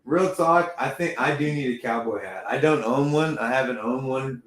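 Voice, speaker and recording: A Texan man in his thirties hosts a podcast, rambling and swearing through a casual chat and repeating himself. His voice sits at medium pitch with a moderate pace and a roomy sound.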